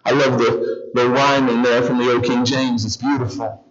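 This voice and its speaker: A man's voice: medium pitch, normal speed, crowd noise. A man preaching a sermon as guest pastor in a church, constantly putting questions to the congregation. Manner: animated, keeps questioning the congregation. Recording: slightly dull church recording with audible congregation.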